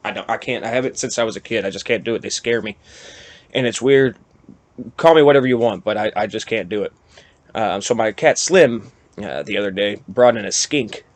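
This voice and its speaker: A man's voice: fairly low pitch, brisk. A man hosting his own podcast, rambling through a casual solo monologue with self-deprecating asides. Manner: rambling, self-deprecating, animated when riled up. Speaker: podcast host.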